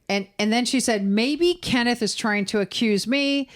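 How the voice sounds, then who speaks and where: A woman's voice: fairly high pitch, measured pace, hardly any pauses. A woman co-hosting a true-crime podcast, casually retelling events and acting out quotes. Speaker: podcast co-host.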